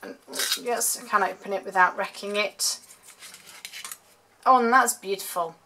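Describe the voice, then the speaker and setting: A woman talks through her craft gifts with a bright, forward tone, gushing over each one in an easy, excitable chat. She records at home, where faint street noise and the crinkle of paper sit behind her voice. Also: mid-range voice, a little slow, poor audio. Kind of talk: casual craft vlog. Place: home room, road sweeper outside.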